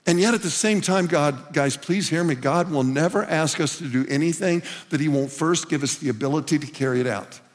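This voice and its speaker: A man's voice: fairly high pitch, a little fast, hardly any pauses. A man preaching a sermon to a congregation, earnestly repeating lines for emphasis. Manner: earnest, repeats phrases for emphasis, calls listeners "guys". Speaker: pastor. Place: church hall with a congregation. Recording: long reverb of a large hall.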